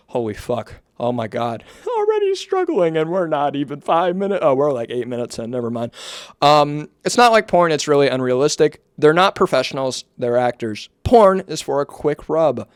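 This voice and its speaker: A man giving casual commentary, reading aloud from his notes in a measured way, with offhand asides and some swearing. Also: a little high, big pitch swings, dry recording, studio quality. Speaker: online commentator.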